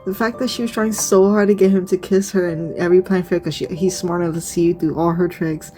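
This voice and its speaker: A young woman streamer giving an excited, gushing reaction, swearing and stumbling over her words. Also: on the low side, fast talker, faint music behind. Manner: gushing, swearing, frequent laughs.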